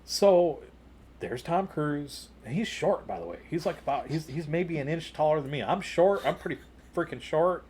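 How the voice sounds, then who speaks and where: A man co-hosting a podcast, telling a long personal story in casual chat, full of "you know" and "like", rising higher and louder at the exciting parts. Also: moderate pace, a little hiss or hum. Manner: jumps higher and louder when retelling excited moments. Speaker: podcast co-host.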